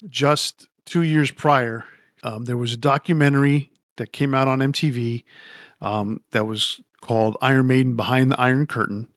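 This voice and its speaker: A man's voice: mid-range voice, fairly even intonation, normal speed, no echo. Rambling opinionated man, dry sound. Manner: rambling, opinionated, swears casually. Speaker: podcast co-host. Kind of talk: casual podcast chat.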